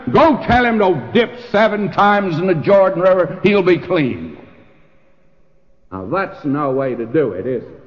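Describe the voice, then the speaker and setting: A man's voice: sits high, a bit bright. An older man preaching a sermon in an emphatic, folksy storytelling manner, acting out the quoted lines. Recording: dull lo-fi recording with hall reverb.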